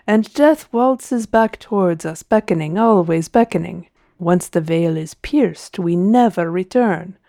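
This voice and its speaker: A woman voicing a theatrical male scientist-showman with an Italian accent, speaking slowly and grandly. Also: lowish voice, creaky, mellow, no echo, studio quality. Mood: grandiose. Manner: grandiose, slow, dramatic.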